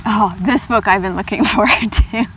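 A woman host chatting casually in her vlog as she unboxes gifts in a car, gushing and gasping with excitement. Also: medium pitch, normal speed, noisy background. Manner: gushing, excitable, gasps and squeals with delight. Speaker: yoga vlogger.

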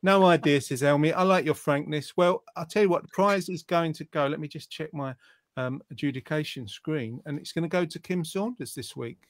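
A man's voice: fairly high pitch, brisk, no room sound. A man hosting an online quiz show, reading out viewers' answers and teasing them in a jokey way. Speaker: quiz host.

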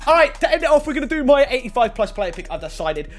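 Excitable high-voiced young man gaming. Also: fast talker, soft background music. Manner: excitable, swinging between groans and yelps. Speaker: gaming YouTuber. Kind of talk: casual game pack-opening commentary.

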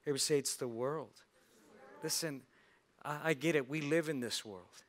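A man's voice: on the high side, normal speed. A male pastor giving a sermon in a church, telling a story and acting out its characters' lines. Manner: storytelling with acted-out voices.

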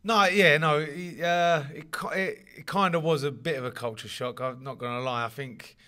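A man chats casually in an interview. His voice is bright and sits a touch high, and he stumbles over his words, repeats himself and laughs easily. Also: fairly even intonation, normal speed. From London. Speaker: interviewee, rugby league player.

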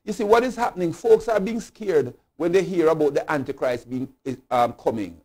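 A bishop from Jamaica teaching a Bible study in a sermon style, emphatic and deliberate, rising to loud declarations and dropping low again. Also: male voice. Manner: slow, deliberate preaching cadence with repeated refrains.

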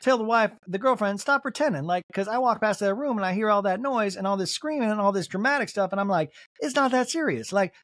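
A man putting on the voice of a prim, scolding middle-aged woman with a Southern US accent, in a high, sing-song lecturing tone. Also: animated, fast talker, hardly any pauses, fairly bright tone, no echo.

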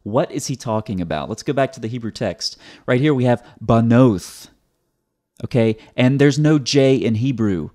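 A man's voice: mid-range voice, lively intonation, moderate pace, warm tone. A man hosting his own video, giving a teaching commentary in a sarcastic, explanatory way and often repeating words as he restarts. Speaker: host.

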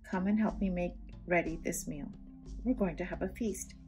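A woman doing a hoarse, bossy old forest witch. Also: on the low side, steady tone, normal speed, music in the background, lightly acted. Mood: commanding.

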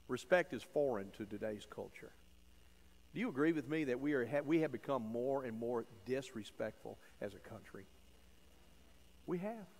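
A man preaching a sermon in a church, folksy and emphatic, dropping to low asides and rising to loud stressed phrases. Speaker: pastor. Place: church sanctuary. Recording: long church reverb.

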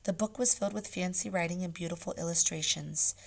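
A woman teacher reading a chapter book aloud to her class, narrating softly, often in a whisper, then turning animated when she asks the class questions. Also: fairly low pitch, fast talker, vocal fry.

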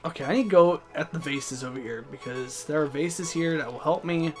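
A young man playing a video game with a friend, loud, crude and quick to yell at the game. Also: on the high side. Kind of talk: casual gaming chat. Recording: game music behind.

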